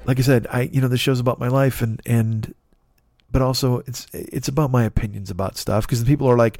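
A man hosts a solo podcast in a casual, rambling monologue. He is self-critical and keeps restarting his sentences in a mid-pitched voice, recorded close and dry. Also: steady tone, fairly quick, a little mellow, dry recording. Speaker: podcast host.

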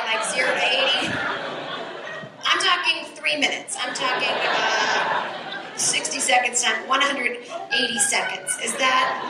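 A woman in her forties doing a stand-up set on a club stage, talking in an animated way, swearing and rising to high shouts. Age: 40s. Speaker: stand-up comedian. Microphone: handheld stage mic into sound board. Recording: echoey club recorded off the sound board, noisy.

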